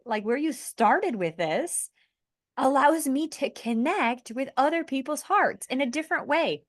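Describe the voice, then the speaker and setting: Woman, higher-pitched, heartfelt and earnest in conversation, close dry mic. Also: dry recording. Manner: earnest, heartfelt spiritual talk with restarts. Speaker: podcast host. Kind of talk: conversational podcast sharing.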